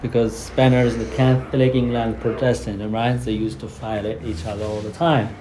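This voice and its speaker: A man's voice: mid-range voice, little pitch movement, moderate pace, background noise. A man leading a home history lesson, chatting loosely and explaining in broken grammar. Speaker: teacher leading a history reading. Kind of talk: casual classroom discussion.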